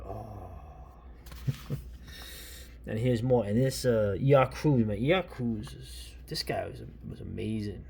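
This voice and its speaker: A man in his fifties from New York talks through an old comic in a low, gravelly voice. His delivery is loose and opinionated, full of restarts and asides, with a faint hiss behind him. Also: darkish tone. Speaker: comic book reviewer. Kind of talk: casual commentary while flipping through a comic.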